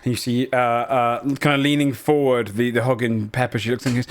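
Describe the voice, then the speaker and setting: A man's voice: mid-range voice, level tone, fairly quick. A man running a tabletop game as game master, narrating loosely with many filler words.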